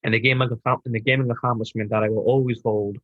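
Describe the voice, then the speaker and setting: A man co-hosting a gaming podcast, relaxed and laid-back, talking with a sore throat. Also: mid-range voice, very fast, no echo, narrow, tinny audio. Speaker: podcast co-host. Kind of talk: casual chat.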